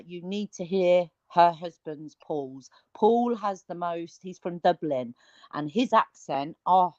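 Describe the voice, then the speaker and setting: British woman co-host, animated sweary storyteller, dry and dull lo-fi sound. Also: on the low side, no echo. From Britain. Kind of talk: casual chat.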